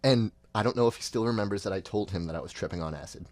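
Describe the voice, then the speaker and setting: A podcast host in his thirties, his voice fairly low, races through a long personal story with no echo around him. He rambles casually and animatedly, often acting out the voices of the people he's quoting.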